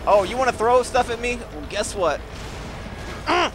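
A man giving loud, excitable let's play commentary, swearing and yelling at enemies. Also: high-pitched, moderate pace, background noise. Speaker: gaming commentator. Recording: commentary over loud game music and effects.

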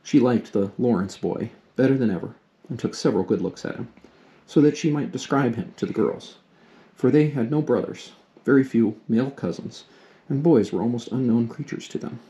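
A man with a low, mellow voice reads a classic novel aloud to his child. He narrates in a steady, unhurried way, like a bedtime story. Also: lo-fi sound. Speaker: father reading to his daughter.

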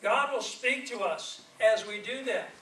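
His voice sits high and his delivery is unhurried. The man is an evangelist preaching a sermon in a church sanctuary, telling stories with lively laughter, recorded distantly in an echoey space.

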